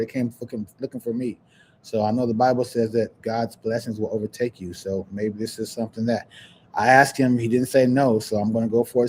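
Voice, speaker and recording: Guy hosting his podcast, warm churchy talk, bit of hiss behind. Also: mid-range voice. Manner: warm, churchy, breaks into laughs and sing-song. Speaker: podcast host. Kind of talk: casual livestream chat, preachy sign-off.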